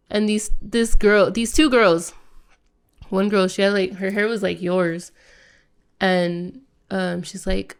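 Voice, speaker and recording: A young woman co-hosting a casual podcast, telling a story in an animated, profane way with lots of "like" fillers. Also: mid-range voice, measured pace, clean tone. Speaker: podcast co-host. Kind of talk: casual chat.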